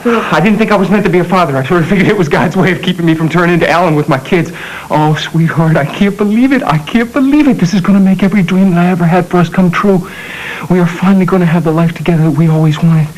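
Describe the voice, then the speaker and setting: An actor playing an overjoyed young husband. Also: male voice, sits high, quick pace, natural voice, poor audio. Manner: breathless, repeating himself in disbelief. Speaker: soap opera character.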